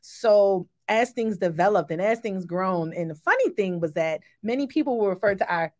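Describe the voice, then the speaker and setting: A woman's voice: mid-range voice, expressive, moderate pace. A woman co-hosting a live show, emotional and laughing often as she talks. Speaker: co-host. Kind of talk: casual live show chat.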